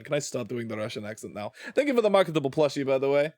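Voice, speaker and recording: A man's voice: mid-range voice, very animated, very fast, darkish tone, no echo, studio quality. A man streaming a video game, talking to himself and to chat, groaning and sighing over what he has lost. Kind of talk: casual gaming livestream commentary.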